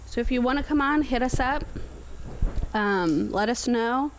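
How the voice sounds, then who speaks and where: A woman with a Southern accent co-hosting a casual podcast, playful and quick to echo her partner. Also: on the high side, expressive, a little hiss or hum. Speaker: podcast co-host. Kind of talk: casual chat.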